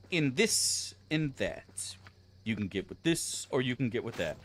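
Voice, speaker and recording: A man's voice: medium pitch, big pitch swings, unhurried, slight background noise. A man streaming a game, chatting casually to his chat with a profane, joking manner. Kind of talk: casual gameplay commentary.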